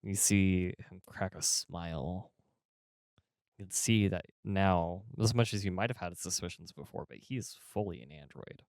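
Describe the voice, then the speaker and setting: A man's voice: sits low, normal speed, darkish tone, no room sound, studio quality. A man narrating a tabletop game as game master, casual and rambling.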